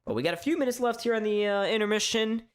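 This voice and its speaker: A man from hosting a live sports reaction stream, chatting casually in a strained, hoarse voice, rambling and stammering through restarts. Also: high-pitched, fast talker. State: voice straining from shouting. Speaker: sports fan livestream host.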